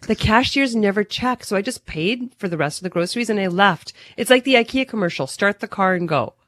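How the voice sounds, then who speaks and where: A woman's voice: mid-range voice, a little fast, fairly bright tone, no room sound. Playful woman co-hosting talk radio. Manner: playful, reads out listener texts. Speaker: radio show co-host. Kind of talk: casual talk radio banter.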